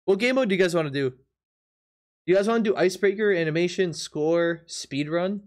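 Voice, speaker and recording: A live streamer chatting casually with the audience during a drawing game, laughing often and talking in quick bursts with stumbling restarts. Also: mid-range voice. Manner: chatty, laughs often, talks straight to the chat.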